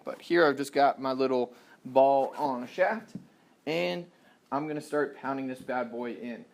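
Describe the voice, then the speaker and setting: A young man casually explaining a hands-on stringing job step by step, chatty and relaxed, with self-deprecating asides. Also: medium pitch, a little slow, gravelly. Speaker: lacrosse stringing instructor. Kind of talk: casual how-to tutorial.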